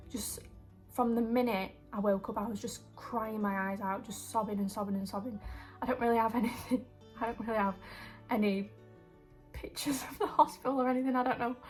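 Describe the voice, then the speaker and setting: A young woman, vlogging in a rambling, emotional, casual way with lots of fillers. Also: medium pitch. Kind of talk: casual chat.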